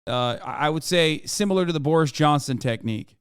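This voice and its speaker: A man's voice: fairly high pitch, expressive, a little fast, clean tone, no echo, studio quality. A man with an American accent giving sarcastic, profane commentary while reacting to a video. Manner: sarcastic, profane, talks over the clip. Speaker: streamer reacting to an interview. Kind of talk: casual commentary.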